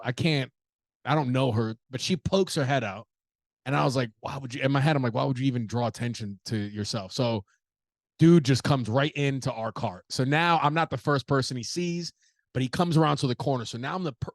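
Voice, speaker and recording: A man's voice: mid-range voice, no room sound, clean studio sound. A man telling a rambling, profane story in a casual podcast monologue, full of restarts. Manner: profane, rambling, animated anecdote with many restarts. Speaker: podcast host.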